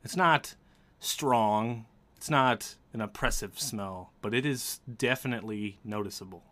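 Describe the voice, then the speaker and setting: A man running a tabletop game as game master, describing the scene in a measured, descriptive way. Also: on the low side, a bit bright.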